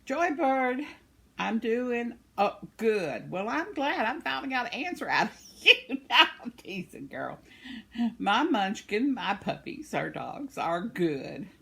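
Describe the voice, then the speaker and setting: A woman's voice: mid-range voice, creaky, slightly rough. An older woman, chatting casually at home, laughing often as she reads comments from her viewers. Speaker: vlogger reading viewer comments. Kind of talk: casual chat. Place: at home, indoors.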